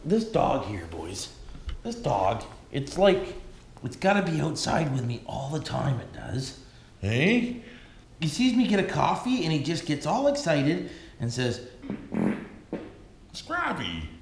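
A man's voice: on the high side, sing-song, a little slow, vocal fry. A man from Canada, chatting folksy and casual in a vlog, dropping "eh" and "friggin' right" all the time. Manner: folksy, repeats tag phrases like "eh" and "friggin' right". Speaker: vlogger. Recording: echoey space with faint noise.

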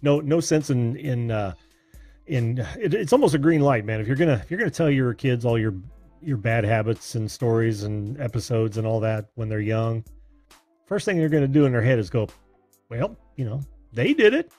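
A man's voice: medium pitch, expressive, normal speed, a little mellow, dry recording, faint music behind. A man in his forties hosting a call-in show, easygoing and folksy, his voice a little strained from back pain. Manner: easygoing, folksy, often laughing. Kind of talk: casual chat.

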